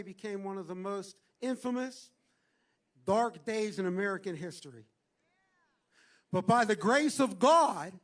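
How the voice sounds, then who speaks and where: A middle-aged man with a strikingly high voice delivers a rousing speech at an outdoor political rally. He speaks into a stage microphone and swells into shouted chants. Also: lively intonation, a little slow, pauses often.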